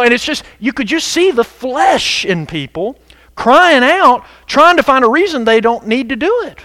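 A man preaching a sermon as pastor, animated and conversational, breaking into sudden shouts for emphasis. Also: very high-pitched, normal speed, no echo.

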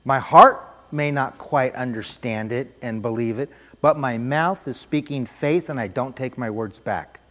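A man preaching a sermon, telling a story with animated, emphatic repetition. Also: medium pitch, measured pace, hardly any pauses, big-room sound.

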